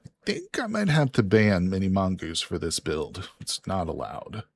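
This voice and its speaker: A man's voice: sits low, wildly swooping pitch, moderate pace. A man from Illinois casually commentating a multiplayer game on a live stream, laid-back and joking as he goes. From Illinois, USA.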